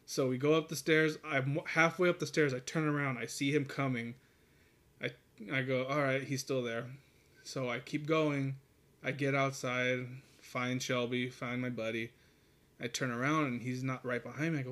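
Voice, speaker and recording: A man's voice: mid-range voice, fairly even intonation, normal speed, fairly bright tone. Rambling, profane male storyteller. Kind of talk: casual chat.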